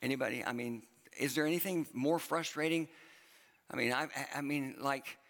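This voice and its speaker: A man preaches a sermon from a stage in a bright, forceful voice. He talks to the congregation in a conversational way and repeats phrases for emphasis. His voice carries a long reverb through a church hall. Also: medium pitch, moderate pace. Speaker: pastor.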